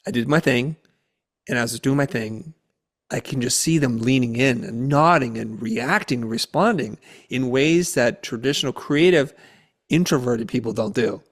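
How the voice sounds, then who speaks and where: Man telling a story with animated quotes. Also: medium pitch, normal speed. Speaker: guest speaker. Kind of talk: conversational storytelling.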